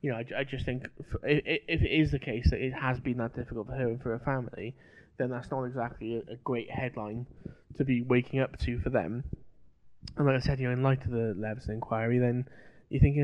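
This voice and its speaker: A man's voice: medium pitch, fairly even intonation. A man in a casual podcast chat, laying out his arguments at length and often using "you know.". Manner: measured, builds arguments with many you-knows. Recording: dull lo-fi podcast audio.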